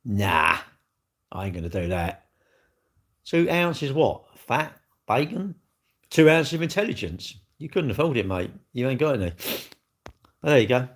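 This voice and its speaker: A man's voice: medium pitch, very animated, moderate pace, pauses often. An older man, hosting a casual livestream and chatting bluntly and jokily as he answers viewers' comments. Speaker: livestream host. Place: indoors, seated.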